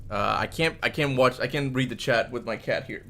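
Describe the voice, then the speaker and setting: A man's voice: mid-range voice, normal speed, gravelly, a bit bright. A man streaming from his home desk, chatting casually and playfully, slipping into baby talk with his cat. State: out of breath. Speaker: gaming streamer. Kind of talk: casual livestream chat. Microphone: desk mic.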